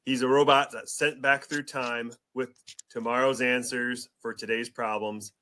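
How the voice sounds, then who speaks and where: A man hosting a casual sports podcast, excitable and hype-building, rambling a little as he talks. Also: medium pitch, measured pace. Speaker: podcast host.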